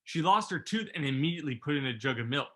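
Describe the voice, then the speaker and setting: Bright-voiced rambling podcast man. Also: a little high, lively intonation, fast talker. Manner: rambling, thinks aloud with many "like"s. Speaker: podcast co-host. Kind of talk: casual movie review chat.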